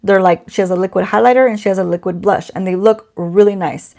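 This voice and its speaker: A woman's voice: medium pitch, fairly even intonation, quick pace, mellow. A middle-aged woman doing a casual beauty unboxing at home, chatty and self-teasing, talking to the camera and to someone off camera. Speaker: beauty vlogger.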